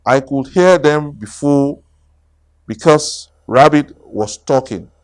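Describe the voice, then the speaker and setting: A gentle, easygoing storybook bear, voiced by a man reading aloud. He speaks in a mild, calm voice that sits a little low and is never in a hurry. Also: takes it slowly. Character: gentle, simple-minded male bear, hungry and easygoing.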